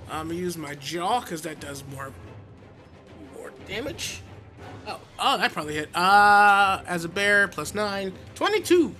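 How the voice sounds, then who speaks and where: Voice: medium pitch, big pitch swings, measured pace, bright, forceful tone, faint music behind. A player in a tabletop game describing moves, giggly and playful. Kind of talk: casual tabletop play.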